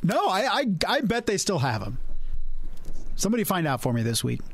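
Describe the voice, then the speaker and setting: A man's voice: high voice, huge pitch swings, fairly quick, breathy edge, no room sound. A man co-hosting a podcast in casual chat, blunt and opinionated. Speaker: podcast co-host.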